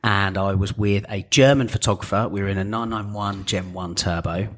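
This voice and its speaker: A man co-hosting a podcast, reacting briefly and telling his own quick anecdote in a brisk, clipped way. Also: lowish voice, steady tone. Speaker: podcast co-host. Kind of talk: casual chat.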